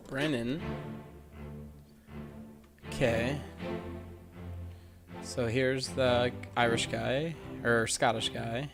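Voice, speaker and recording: A man talks his way through a video game in let's play commentary, thinking aloud and often unsure. His voice is gravelly with fry at a mid pitch, with faint music in the background. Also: fairly even intonation, extremely slow, long pauses.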